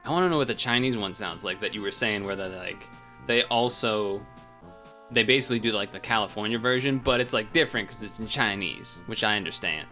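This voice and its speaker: A man's voice: on the low side, a little fast, pushed and bright, soft background music. A man streaming, chatting casually and teasing a caller in a playful back-and-forth.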